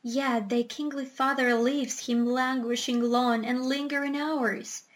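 A woman reading aloud, voicing a clever scheming female parrot in a hushed, conspiratorial way. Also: high voice, fairly even intonation, a little slow. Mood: mock-solemn.

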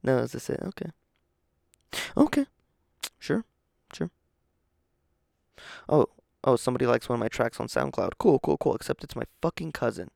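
Gravelly, tired-sounding male podcast host. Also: mid-range voice, a little fast, long pauses, a little mellow, no room sound, clean studio sound. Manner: rambling, self-deprecating, profane. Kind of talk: casual solo podcast rambling.

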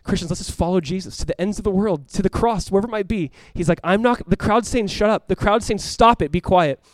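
A male pastor delivers a sermon at a rapid clip, his fairly high voice rising into urgent calls and dropping to near hushes. The recording is dry and close. He ends by leading the room in prayer. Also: dry recording. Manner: impassioned, swings between loud urgent calls and hushed quiet passages. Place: church room with congregation.

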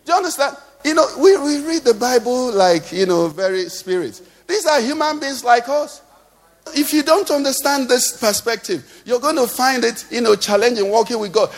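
A man's voice: very high-pitched, expressive, normal speed. A man with a Nigerian accent preaching a sermon, often putting questions to the congregation in a rising, singsong cadence. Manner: rhetorical questions to the congregation, sing-song cadence. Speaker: pastor. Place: church hall. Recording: long hall reverb.

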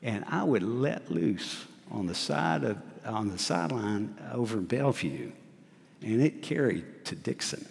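A man's voice: medium pitch, sing-song, measured pace, creaky, a little hiss or hum. A middle-aged man preaching a sermon, asking his congregation questions and laughing at himself as he tells a story. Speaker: pastor. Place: church sanctuary. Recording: long church hall reverb.

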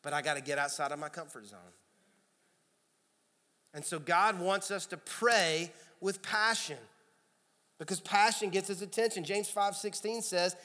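A pastor with a Kentucky accent preaching a sermon in a conversational way, with loud emphatic bursts. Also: male voice, high voice, unhurried, long pauses. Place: large church sanctuary. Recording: long hall reverb.

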